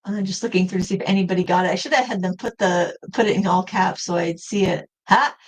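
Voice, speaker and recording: A woman's voice: on the low side, fast, husky. Chatty woman art host, rambling. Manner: rambling, self-correcting. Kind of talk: casual live-stream chat.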